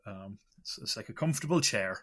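A man from England co-hosting a podcast, stumbling over his words in a self-deprecating way. His voice is bright and forceful. He talks in casual banter with a friend. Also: lowish voice, expressive, brisk, breathy edge. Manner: hesitant, self-deprecating, stammering restarts. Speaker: podcast co-host.

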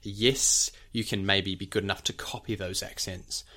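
A man's voice: sits low, fairly even intonation, moderate pace, bright, forceful tone. A young man co-hosting a podcast. He explains at length in a casual chat, with many fillers like "like" and "you know". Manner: breaks off to demonstrate accent sounds. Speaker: podcast co-host, actor.

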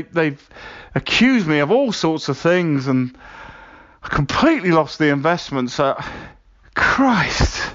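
A man's voice: fairly high pitch, fairly bright tone, lo-fi sound. An actor playing an exasperated man scolding a friend over the phone, stammering as he goes. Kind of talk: comedy sketch acting.

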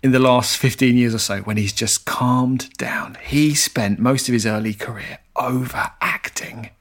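A man's voice: mid-range voice, steady tone, unhurried. A man co-hosting a podcast in casual chat, jokey and playfully insistent. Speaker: podcast co-host.

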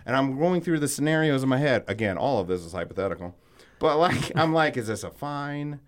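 A man co-hosting a podcast, telling a long story in casual chat, profane and animated, dropping from loud bursts to low mumbles. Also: fast talker. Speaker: podcast co-host.

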